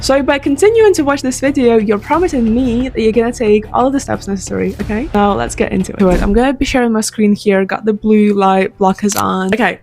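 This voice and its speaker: A woman's voice: a little high, brisk, hardly any pauses, a little mellow, slight background noise. A young woman giving casual, direct sales coaching straight to camera, close to a microphone, with chatty filler words. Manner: direct, upbeat, conversational with filler likes. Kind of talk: casual talking-head advice.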